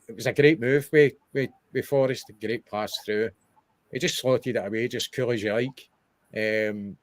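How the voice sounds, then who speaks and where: A man's voice: medium pitch, no echo. A young Scottish man co-hosting a podcast, chatting casually and rambling about football. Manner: chatty, rambling with restarts and wee asides. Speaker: podcast co-host.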